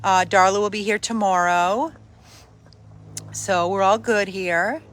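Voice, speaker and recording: A woman hosting a casual live stream for a dog rescue from outdoors on her phone, greeting viewers by name and breaking into high sing-song baby talk with the dogs. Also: steady tone, slow pace, a bit bright. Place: outdoors in a yard.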